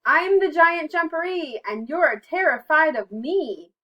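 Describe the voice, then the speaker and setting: A woman voicing a boastful, scary-sounding creature hiding in a burrow, booming out slow rhyming threats. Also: expressive, far from the mic, muffled recording.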